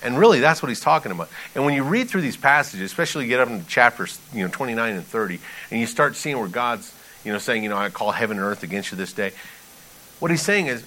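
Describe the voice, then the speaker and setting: A man preaching a sermon in an animated, conversational way, reading scripture and pleading with emphasis. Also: medium pitch, fairly quick, rough recording. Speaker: pastor.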